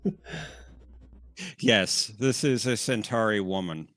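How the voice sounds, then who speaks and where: A man with a lowish voice, recorded dry and close, gives casual live commentary. He drops trivia and deadpan quips, with a quietly amused tone. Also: takes it slowly, no echo. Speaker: co-host of a show watch-along.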